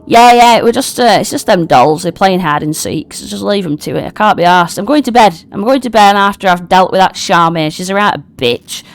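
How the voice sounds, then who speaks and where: A woman's voice: medium pitch, a little fast, few pauses, natural voice. Woman doing a grumpy sweary goblin man. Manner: crude, grumbling, swearing. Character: grumpy sweary male goblin, lazy and fed up.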